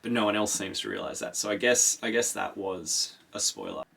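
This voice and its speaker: Gravelly, husky man rambling. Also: on the low side, fairly even intonation, a little fast, a bit bright. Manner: rambling, swearing, acting out characters' reactions. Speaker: podcast host. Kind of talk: casual book recap.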